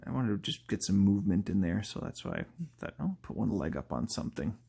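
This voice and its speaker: The live-drawing artist's voice sits low, gravelly, dark and a little rough, with a sing-song lilt and quick pace. He gives easygoing commentary, musing aloud, laughing at his own jokes and trailing away before finishing ideas.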